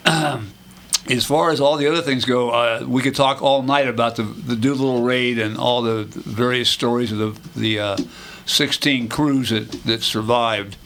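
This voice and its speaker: A man who is a regular on a radio show, explaining aviation matters in a measured, patient way. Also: medium pitch, fairly even intonation, a bit bright, a little hiss or hum.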